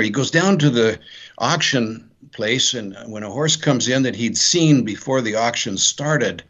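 Man, author, interview, animated retelling, dull recording. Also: medium pitch, unhurried. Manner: rambling storyteller, acts out the characters' lines. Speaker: author guest. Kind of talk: interview, retelling his novel's plot. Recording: dull lo-fi sound.

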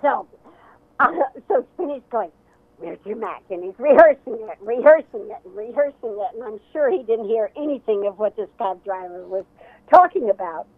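A woman author being interviewed on radio, telling a story in an animated way over the phone. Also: on the high side, normal speed, no echo. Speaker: author and guest. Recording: tinny phone line.

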